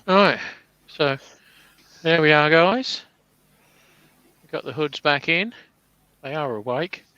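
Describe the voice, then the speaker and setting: Bright-voiced man hosting a stream. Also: on the high side, lively intonation, takes it slowly, smooth, no room sound, muffled recording. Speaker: livestream host. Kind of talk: casual woodturning livestream chat.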